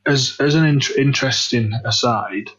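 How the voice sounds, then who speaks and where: A man's voice: medium pitch, normal speed, a bit bright, breathy edge. A man in casual podcast chat, explaining lore with lots of fillers, on a dull lo-fi mic. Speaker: podcast guest.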